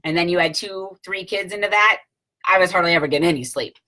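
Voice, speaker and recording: A woman's voice: fairly low pitch, fast talker, bright, forceful tone, rough recording. A woman in her late thirties talking casually to the camera at home, chatty and rambling with many fillers and restarts. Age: late 30s. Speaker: vlogger selling CBD oil. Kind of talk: casual testimonial talk to camera.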